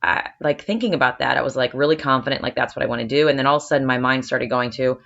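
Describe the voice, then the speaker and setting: Woman with a bit of vocal fry, chatty upbeat podcast talk, dull lo-fi audio. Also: a bass voice, fairly even intonation. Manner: chatty, upbeat, quick to laugh. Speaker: podcast co-host. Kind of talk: casual chat.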